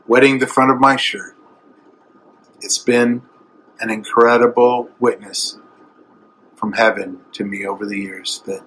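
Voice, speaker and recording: A man's voice: mid-range voice, fairly even intonation, unhurried, long pauses, a bit bright, a little hiss or hum, rough recording. A middle-aged man preaching a sermon, speaking tenderly and with strong emotion that swells to emphatic. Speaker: evangelist.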